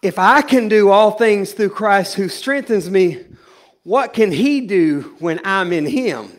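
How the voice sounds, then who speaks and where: A male pastor preaching a sermon in a church, moving from loud, stretched-out proclamations to quiet, joking asides with his congregation. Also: sits high, animated, slow pace. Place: church sanctuary.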